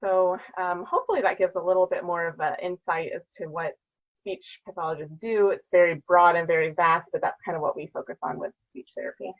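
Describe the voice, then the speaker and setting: A woman speech therapist explaining her work in a casual interview, with a slightly low voice. She is friendly and explanatory and uses lots of fillers. Her audio sounds slightly muffled and lo-fi. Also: steady tone, brisk. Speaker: speech-language pathologist guest.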